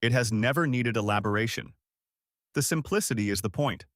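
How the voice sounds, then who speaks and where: A man giving scripted documentary narration in a measured, declarative way, with clipped short sentences. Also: mid-range voice, a bit bright, no echo, studio quality.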